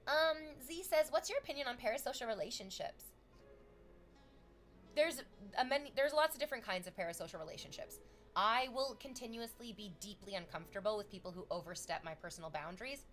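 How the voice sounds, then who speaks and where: Young woman streamer, lively and profane, bright high voice, soft music under her chat. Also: fairly quick. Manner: animated, swearing freely, swooping up into high excited bursts. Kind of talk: casual chat with viewers.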